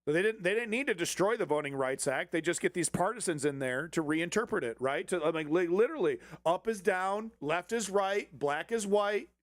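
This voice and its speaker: A man's voice: high voice, lively intonation, a little fast, few pauses, dry recording. A man hosting a political commentary stream, ranting with heavy swearing and sarcastic mockery. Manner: sarcastic, swears often, mocks opponents in put-on voices.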